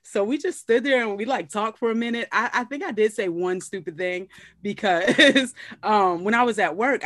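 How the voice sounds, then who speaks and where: A woman chats on a podcast as a comedy guest, animated as she tells a story. She jumps her pitch to act out each quote. The sound is close and dry, with no room around it. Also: no echo. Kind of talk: casual storytelling chat.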